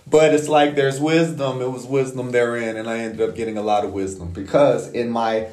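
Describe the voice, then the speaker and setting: A man's voice: mid-range voice, steady tone, brisk, hardly any pauses, a little mellow. A man hosting a podcast, talking in a loose, rambling monologue full of swearing. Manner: profane, loose and conversational. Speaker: podcast host. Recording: roomy echo.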